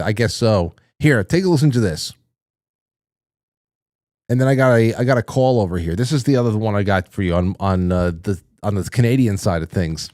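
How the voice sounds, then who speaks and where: Guy hosting a stream, reading chat, rambly and thinking out loud, dry no-room sound. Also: medium pitch, dry recording. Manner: rambling, chatty, thinks aloud with fillers. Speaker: talk show host reading chat messages. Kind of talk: casual livestream chat.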